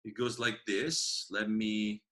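A man's voice: fairly low pitch, little pitch movement, slow, sharp tone. A man with an Italian accent chatting casually about music, often restarting phrases as he searches for words. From Italy. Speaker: guest musician and tour guide. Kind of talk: casual chat.

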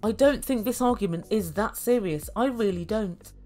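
A woman's voice: mid-range voice, normal speed, warm tone. A woman recapping a reality show, with wry, mocking asides. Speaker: reality TV reviewer. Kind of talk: sarcastic recap commentary.

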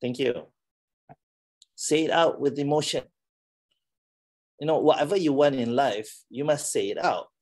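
A man's voice: mid-range voice, unhurried, pauses often, darkish tone. Playful Malaysian lecturer, man. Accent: Malaysian English. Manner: playful, teasing, laughs often. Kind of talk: classroom motivational talk.

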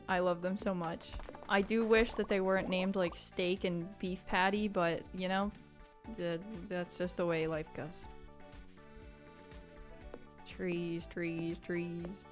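Woman live-streaming a farm game, playful and chatty, reads chat aloud, faint music behind. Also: medium pitch. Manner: chatty and playful, answers chat, mock outrage.

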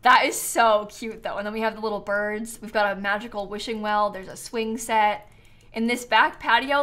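A woman's voice: mid-range voice, steady tone, normal speed, a bit bright. A woman chatting casually to viewers on a live game stream, bubbly and giggly, a bit tired and yawning.

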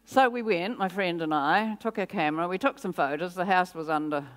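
Older woman telling a lively testimony. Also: lowish voice, a little fast. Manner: lively storytelling, acting out her own reactions, laughing often. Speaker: guest speaker. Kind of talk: personal testimony talk in a church service.

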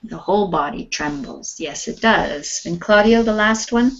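A woman's voice: medium pitch, moderate pace, slight background noise. A woman with a Canadian accent teaching an English lesson online, encouraging her students and modelling words carefully. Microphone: video call. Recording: dull lo-fi online call audio.

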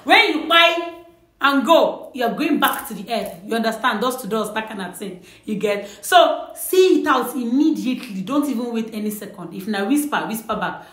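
A woman's voice: fairly high pitch, fairly bright tone, reverberant. A woman giving earnest, repetitive spiritual advice straight to the viewer in a casual vlog. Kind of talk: casual direct-to-camera advice.

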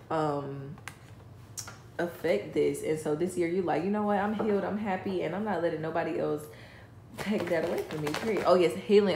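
A woman's voice: sits low, a little mellow. A woman giving a casual, chatty tarot reading, talking straight to her viewers with enthusiasm. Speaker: tarot reader. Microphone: voice-over, face not shown. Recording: echoey room with clicking noise.

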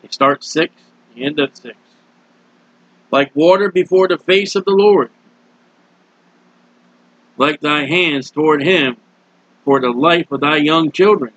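A man's voice: fairly bright tone, no room sound. Folksy scolding preacher man. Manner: folksy, scolding, acts out quoted voices. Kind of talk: sermon. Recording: dull, dry, low-fidelity recording.

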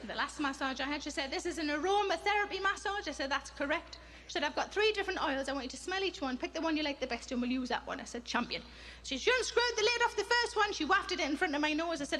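A woman in her forties doing stand-up comedy on a theatre stage, telling a story in a deadpan way with repeated comic questions. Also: sits high, quick pace. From England. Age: 40s. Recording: comedy stage with loud audience noise.

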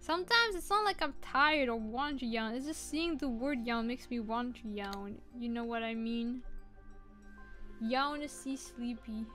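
A woman's voice: on the high side, measured pace, a bit bright, soft background music. A woman streaming her art and chatting casually with her viewers while she draws. She sounds sleepy and keeps fighting off yawns, but stays bubbly and playful. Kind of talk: casual chat while drawing.

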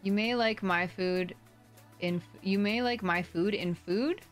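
A woman's voice: medium pitch, measured pace, faint music behind. A woman livestream host chatting casually with viewers, bubbly and rambling as she reads chat aloud.

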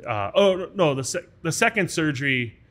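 A man's voice: a little high, moderate pace. A man from the United States talks as a guest on a podcast. He tells his story casually and with energy. He restarts his sentences often and acts out what other people said. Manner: animated, acts out quoted dialogue, many restarts.

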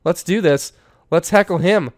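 A young man giving playful, excitable commentary while playing a life-sim game, laughing often. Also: sits high, normal speed, a little hiss or hum. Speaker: gaming YouTuber. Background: faint game music.

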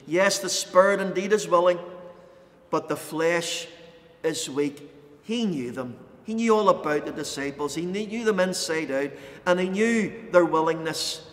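A man preaching a sermon as pastor, impassioned, pausing dramatically and raising intensity when quoting. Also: a little high, fairly bright tone, big-room sound. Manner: impassioned, dramatic pauses, voices quoted lines with rising intensity. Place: church.

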